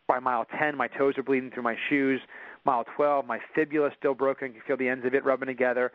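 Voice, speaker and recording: A man's voice: mid-range voice, fairly even intonation, fast talker, dry recording. A man as an interview guest, telling a personal story in earnest with frequent restarts. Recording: dull dry recording.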